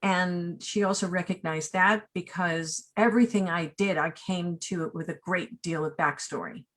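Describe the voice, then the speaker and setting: A woman in her sixties, a casting director being interviewed, who tells personal stories in an animated, rambling way full of asides and tag questions. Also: on the low side, moderate pace. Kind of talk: remote interview, personal storytelling.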